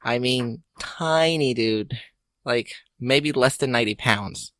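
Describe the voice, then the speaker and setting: A man's voice: steady tone, slow pace, no room sound. A man co-hosting a podcast, telling a story in casual chat, swearing a lot and laughing through it. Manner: laughing, swearing, drops to a low hush for quoted lines. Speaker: podcast co-host.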